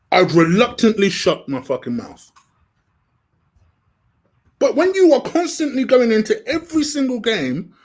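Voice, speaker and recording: A man co-hosting a football chat, teasing his partner and swearing with sarcastic jabs. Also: on the high side. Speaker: co-host.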